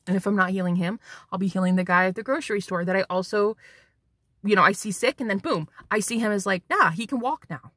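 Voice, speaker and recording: A woman's voice: medium pitch, fast, a bit bright, no room sound. A woman psychic medium giving a spiritual tarot reading, talking bluntly and preachily and swearing for emphasis.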